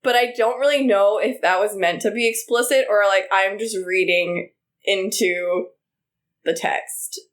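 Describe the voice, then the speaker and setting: A young woman on a casual podcast who takes her time, speaking unhurriedly in a mid-range voice. She talks loosely, filling gaps with "like" and "um" and slipping into quick impressions of characters. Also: medium pitch. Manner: relaxed, lots of "like" and "um", mimics characters. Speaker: podcast co-host. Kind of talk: casual chat.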